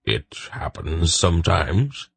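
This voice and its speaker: A man's voice: sits low, big pitch swings, takes it slowly, gravelly, husky, no echo, full character voice. A man voicing an old male wolf pack leader who speaks in a commanding, dry, decisive way in an audiobook.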